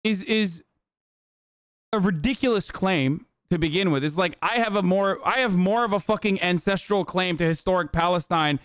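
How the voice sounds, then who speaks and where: Profane ranting streamer man, smooth voice. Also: high voice, normal speed, a bit bright, no echo, clean studio sound. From Turkey. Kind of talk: casual live-stream commentary.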